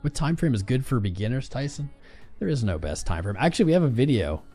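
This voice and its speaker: A man's voice: medium pitch, big pitch swings, fast talker, mellow, faint music behind. Laid-back man hosting a trading livestream. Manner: laid-back, greets chat viewers by name. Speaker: crypto trading livestream host. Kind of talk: casual livestream chat.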